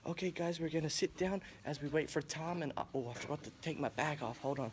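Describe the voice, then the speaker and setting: A man's voice: a little high, brisk, few pauses. Joking young man vlogging at school. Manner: joking, rambling, swears a lot. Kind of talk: casual school vlog. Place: school library and classrooms. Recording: noisy classroom chatter behind. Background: classmates chatting.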